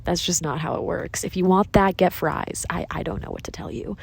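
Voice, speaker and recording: Young woman, low gravelly voice, sarcastic swearing vlogger talking into her phone outside in the woods with a faint hum behind her. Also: steady tone, a little fast. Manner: chatty, sarcastic, swears freely. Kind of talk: casual venting vlog. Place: outdoors in cold woods. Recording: faint outdoor ambience.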